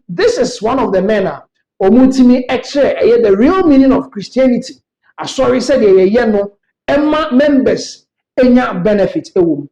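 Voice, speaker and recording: A man's voice: sits high, warm tone, roomy sound. A man with a Ghanaian accent giving casual news commentary, mixing Twi and English with many fillers.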